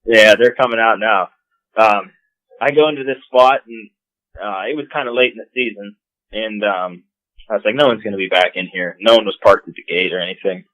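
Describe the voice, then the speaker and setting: A man's voice: on the low side, a little fast, dry recording, low-quality recording. A man casually telling hunting stories as a podcast guest, laughing often as he talks. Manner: laughing, animated storyteller. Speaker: guest, call maker. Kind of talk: casual storytelling.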